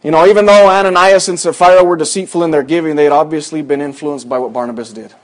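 Male pastor with a raised pitch, chatty and rambling, drifting from anecdote into scripture in church. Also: steady tone, fast talker. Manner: folksy, rambling storytelling with many fillers. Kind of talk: sermon with personal story.

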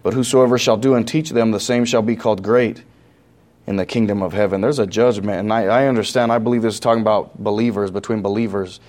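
A man preaching a sermon from scripture, talking through it in a loose, conversational way with restarts, then building to loud, impassioned passages. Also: fairly low pitch, fairly even intonation, quick pace. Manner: conversational asides with many restarts.

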